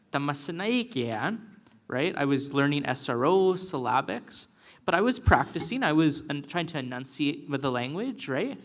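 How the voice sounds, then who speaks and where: A man speaking on a panel, telling stories with animation and mixing in words. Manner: animated storyteller, acts out quoted elders in high voices. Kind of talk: panel discussion.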